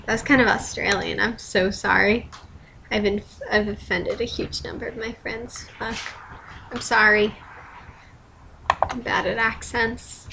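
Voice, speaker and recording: A woman's voice: a little high, fairly even intonation, measured pace, vocal fry, background noise. A teenage girl vlogging casually, rambling through fan dares with self-deprecating asides and casual swearing, filmed at home on a webcam.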